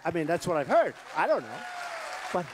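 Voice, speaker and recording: A man's voice: a little high, huge pitch swings, a little fast, background noise. Man rambling at a rally, big echo. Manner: rambling, repetitive, boastful. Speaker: political candidate. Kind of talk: off-the-cuff campaign rally speech. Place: large rally venue. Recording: long reverb of a big hall.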